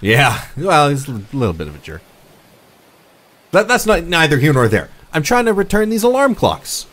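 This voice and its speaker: A man's voice: fairly high pitch, moderate pace, full character voice. A man in an improv comedy scene playing a polite, patient customer calling a support line. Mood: reassuring. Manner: polite, reassuring, lively.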